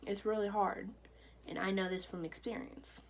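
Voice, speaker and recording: A woman's voice: mid-range voice, steady tone, normal speed, a little hiss or hum, poor audio. A young woman telling a personal story to camera in a loose, chatty way, full of fillers. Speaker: vlogger.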